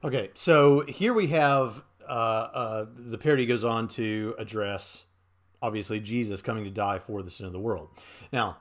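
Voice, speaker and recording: A man's voice: on the low side, normal speed. A man hosting a show, commenting casually on a played clip in an earnest, argumentative way, thinking aloud as he goes. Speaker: host.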